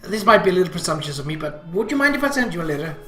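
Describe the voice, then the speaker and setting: Man doing a shy young woman, halting and earnest, slightly high voice, echoey room, soft guitar behind. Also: big pitch swings, exaggerated voice. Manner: hesitant, halting. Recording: roomy echo, faint guitar music.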